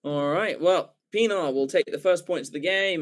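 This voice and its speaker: An English man giving live play-by-play rugby commentary for a watchalong stream, excitable and rambling, full of fillers and self-corrections. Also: on the high side, normal speed, few pauses. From England.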